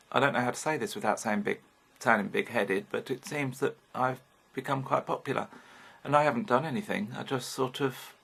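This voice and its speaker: A man's voice: medium pitch, vocal fry, fairly bright tone, husky. A British man in his fifties talking frankly in a rambling personal vlog, swearing casually as he goes. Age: 50s. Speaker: vlogger. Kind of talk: candid personal vlog monologue.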